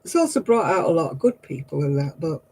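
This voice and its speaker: A husky-voiced woman in her fifties hosts a relaxed craft stream. She chats freely with her viewers, full of laughs and homely exclamations. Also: low-pitched, fast, poor audio. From northern England. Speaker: craft livestream host. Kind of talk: casual chat with viewers.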